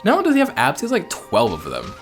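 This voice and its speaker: American man, let's play host, loose jokey rambler, lively up-and-down delivery, faint music behind. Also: fairly high pitch, racing. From United States. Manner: rambling, joking asides and self-mocking chatter. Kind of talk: casual gameplay commentary.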